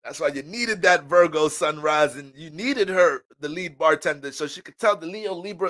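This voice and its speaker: A man gives a casual astrology reading in a slangy, rambling, joking manner. His voice sits a little high, and the sound is dry and close. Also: moderate pace, hardly any pauses, sharp tone, no echo.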